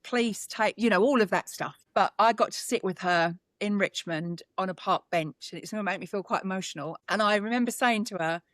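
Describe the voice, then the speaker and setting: British woman, heartfelt, halting phrasing, mid pitch, dry close sound. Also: a bit bright, dry recording. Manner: earnest, emotional, talks with many restarts. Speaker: psychic medium guest. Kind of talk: conversational interview.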